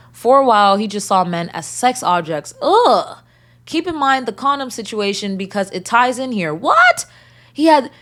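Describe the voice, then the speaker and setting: A woman hosting a podcast who reads out a listener's story and breaks off into loud, animated reactions. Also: mid-range voice. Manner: animated, swings between reading and loud outbursts. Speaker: podcast host. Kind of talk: reading a listener submission and reacting.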